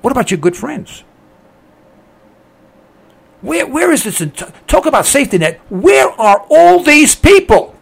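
A man with a fairly high, gravelly voice rants to his listeners as a talk host. His pitch swings widely and his tone is husky as he fires off rhetorical questions and repeats his points with mounting indignation. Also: sing-song, a little slow, long pauses. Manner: indignant, ranting, repeats himself. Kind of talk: opinionated monologue.

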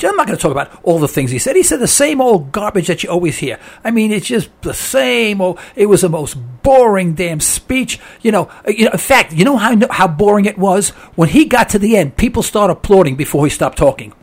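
Man, talk radio host, hoarse from laryngitis, fairly high pitch, exasperated rant. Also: very animated, fairly quick. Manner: ranting, exasperated, repeats words.

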